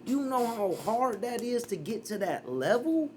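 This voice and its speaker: A man's voice: very high voice, big pitch swings, normal speed, a little mellow, a little hiss or hum. A man giving casual reaction commentary as a streamer, emphatic and profane, repeating his points.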